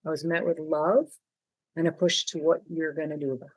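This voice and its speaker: A podcast host of middle pitch interviews a guest, summarizing her words back to her before asking the next question. The recording is dry and close. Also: flat delivery, brisk, dry recording, rough recording.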